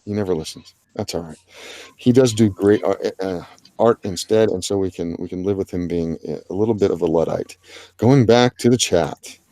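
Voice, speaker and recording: The host of a casual art livestream speaks in a low, mellow voice at a moderate pace, with no room sound. He rambles and cracks jokes about the chat and the artists, frequently making fun of himself.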